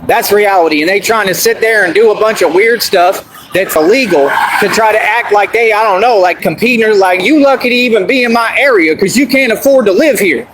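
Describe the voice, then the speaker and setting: A man's voice: sits high, fairly quick, noisy background. A man delivering a boastful, confrontational street rant, repeating himself and taunting his critics. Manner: swaggering, confrontational, repetitive.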